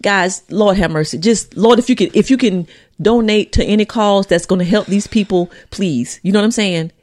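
A woman co-hosting a casual chat show, retelling stories in an animated, dramatic way. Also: mid-range voice, normal speed. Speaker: podcast co-host.

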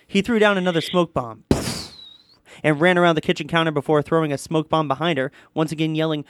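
A man co-hosting a podcast, reading a listener's story aloud in an animated way. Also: on the high side, fairly quick, dry recording. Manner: animated reading, often breaking into laughter. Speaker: podcast co-host.

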